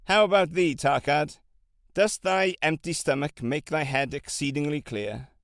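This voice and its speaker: A man reading an audiobook, voicing a determined middle-aged camel trader who was once a slave, in a measured, solemn way with old-fashioned phrasing. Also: a little high, fairly bright tone, no room sound, studio quality. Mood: resolute.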